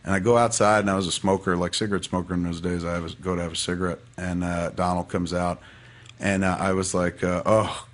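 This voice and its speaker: A man's voice: deep voice, flat delivery, fast talker. A man casually telling a personal story as a podcast guest, profane and rambling but heartfelt.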